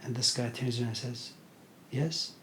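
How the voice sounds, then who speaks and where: A man's voice: medium pitch, unhurried. A middle-aged man giving an informal lecture, retelling a story in a conversational way with many fillers.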